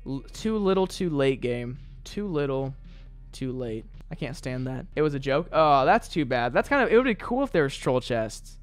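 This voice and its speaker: A man's voice: mid-range voice, big pitch swings, moderate pace, soft background music. A man streaming a video game, giving casual running commentary, often exasperated and mocking himself. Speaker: gaming streamer. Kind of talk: casual let's-play commentary.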